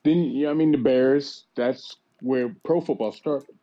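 On a podcast, a male co-host with a medium-pitched voice and measured pace tells travel stories in a casual chat. He's profane and animated, restarting his sentences often, and the recording has a dull, lo-fi sound.

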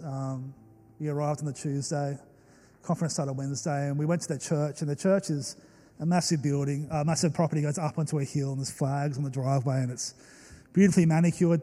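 A young Australian man preaches from the pulpit, his voice warm, mellow and slightly high. He tells stories earnestly and emotionally, full of little fillers and restarts. The sound carries a long reverb from a church hall. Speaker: pastor. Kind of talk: storytelling sermon.

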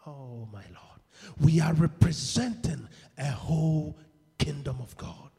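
A man preaching a sermon, asking the congregation questions and shouting at key points, acting out the people in his stories. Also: on the high side, expressive, slow, gravelly, husky. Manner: call-and-response questions, shouts at peaks; acts out quoted people in dialogue. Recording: long hall reverb.

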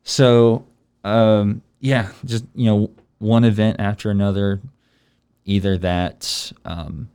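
A man in his thirties hosting a casual conversation, relaxed and rambling with many ums. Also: on the low side, slow pace, clear, resonant tone. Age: 30s. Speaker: podcast host. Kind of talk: casual faith chat.

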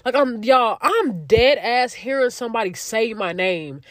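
A young adult podcast host in their twenties telling a story in a casual, profane and animated way. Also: mid-range voice, moderate pace, few pauses, no echo, studio quality. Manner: chatty, profane, animated retelling.

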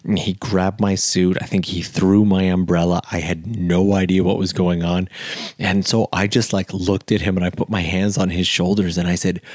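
A man with a deep, low voice tells a story on his podcast. He talks in a loose, conversational way, with plenty of "like" and "um" along the way. The recording is close and dry, with no room sound. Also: normal speed, dry recording. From Canada. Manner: relaxed, chatty, frequent "like" and "um". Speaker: podcast host. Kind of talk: casual storytelling.

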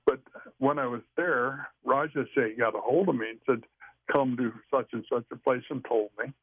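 A man's voice: medium pitch, moderate pace, breathy edge, no room sound. An older man telling folksy, rambling stories in casual conversation, with frequent restarts. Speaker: podcast guest sharing Sasquatch experiences. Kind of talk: casual storytelling chat. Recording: tinny phone-line audio.

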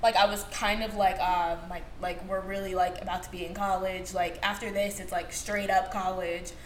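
A woman's voice: medium pitch, flat delivery, normal speed, echoey room, a little hiss or hum. A young woman co-hosting a podcast, telling a story in a rambling way full of fillers. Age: young adult. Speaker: podcast co-host. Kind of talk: casual chat.

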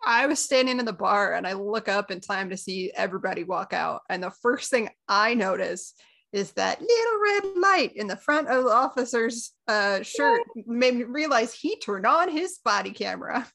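A woman's voice: a little high, lively intonation, normal speed, gravelly, fairly bright tone. A woman in casual conversation who chimes in, amused, with her side of a workplace story. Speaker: theater coworker.

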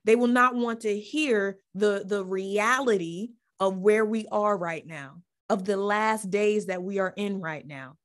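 A woman's voice: mid-range voice, unhurried, few pauses. A woman hosting a faith podcast, preaching with fervor, repeating phrases and restarting lines as her feeling builds. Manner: fervent, repeats phrases, stumbles over restarts. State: getting emotional. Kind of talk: impassioned Christian teaching.

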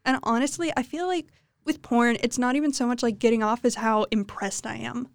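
A young woman co-hosting a casual podcast, blunt and slangy as she talks. Her voice sits a bit high and comes across smooth and clean. The sound is dry and close. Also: steady tone, a little fast, no room sound. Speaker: podcast co-host. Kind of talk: casual chat.

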